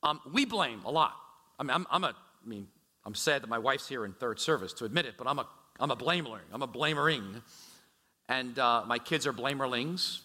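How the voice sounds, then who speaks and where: A man preaching a sermon in a church, chatty and animated, with frequent asides and restarts. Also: mid-range voice, brisk. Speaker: pastor. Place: church sanctuary. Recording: echoey large hall.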